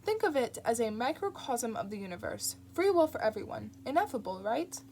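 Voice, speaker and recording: A woman's voice: a little high, sing-song, vocal fry, a little mellow, slight background noise, pitched above the performer's own voice. Woman voicing a snappish sly demon. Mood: exasperated. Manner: quick, irritable and sly. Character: sardonic, snappish male demon.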